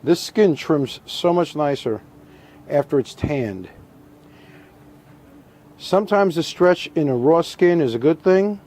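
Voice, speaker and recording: A middle-aged man calmly demonstrating a hands-on craft step by step, methodical and repetitive with a touch of dry humor. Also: on the high side, takes it slowly, pauses often. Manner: calm, methodical, repeats instructions, dry humor. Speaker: taxidermy instructor.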